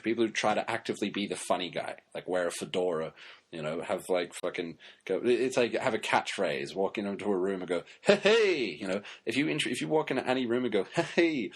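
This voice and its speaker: Casting: male podcaster, low husky voice, sarcastic sweary rant. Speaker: podcast host. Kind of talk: casual solo commentary.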